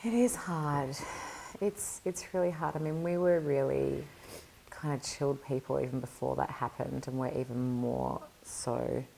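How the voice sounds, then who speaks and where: A woman's voice: a bass voice, steady tone, unhurried, vocal fry, mellow, a little hiss or hum. A woman guest in a podcast interview, telling her story in an earnest, reflective conversational way. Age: adult mother. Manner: reflective, earnest, many fillers.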